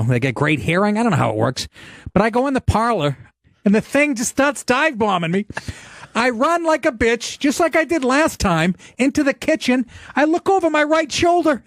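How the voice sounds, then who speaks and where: A man hosting a podcast, telling a comic story in a profane, animated way and laughing as he goes. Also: high-pitched, no room sound, clean studio sound. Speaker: podcast host.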